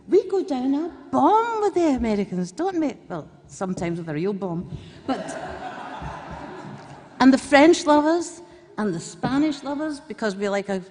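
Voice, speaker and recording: A woman's voice: high-pitched, dark tone, breathy edge. A Glasgow woman giving an off-the-cuff political speech at a conference, blunt and chatty, joking and letting slip the odd swear word. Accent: Scottish, Glasgow. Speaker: conference speaker. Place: conference hall. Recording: reverberant conference hall.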